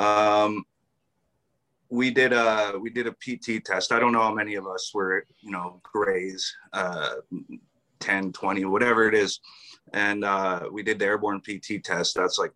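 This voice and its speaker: Bright-voiced man telling war stories. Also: deep voice, steady tone, unhurried. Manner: rambling, many fillers and restarts, laughs often. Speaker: podcast guest, army veteran. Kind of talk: casual storytelling interview.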